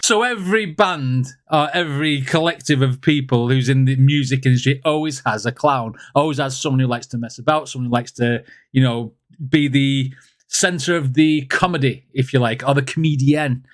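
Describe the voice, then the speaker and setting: A man's voice: mid-range voice, normal speed, no room sound, studio quality. A man hosting a music reaction video, chatting casually and rambling, with lots of fillers.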